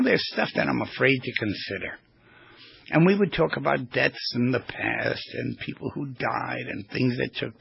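Gravelly, husky-voiced man on radio. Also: medium pitch, no room sound, muffled recording. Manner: animated, rambling storyteller. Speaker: radio show host and therapist. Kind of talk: casual radio talk with storytelling.

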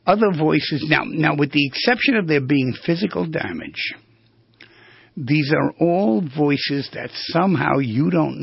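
Gravelly husky New radio host. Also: male voice, medium pitch, no echo, lo-fi sound. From New York. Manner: rambling, storytelling, drifts between tangents. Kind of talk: casual talk on voice skills.

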